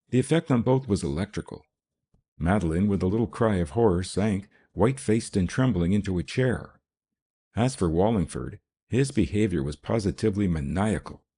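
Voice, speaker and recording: A man narrating an audiobook in the first person, measured and formal. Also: deep voice, dark tone, slightly rough.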